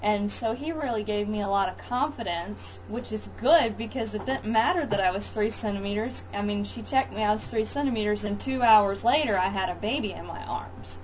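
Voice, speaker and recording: A woman's voice: medium pitch, brisk, hardly any pauses. Woman guest sharing a birth story in a loose, chatty way. Dull audio, faint hiss. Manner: chatty, many fillers and restarts. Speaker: interview guest, mother. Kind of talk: casual chat, birth story.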